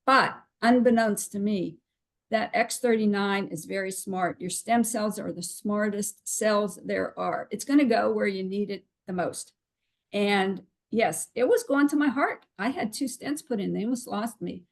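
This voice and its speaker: A woman's voice: mid-range voice, unhurried, gravelly. A woman hosting a webinar on a video call, conversational and encouraging as she calls on participants. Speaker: webinar host.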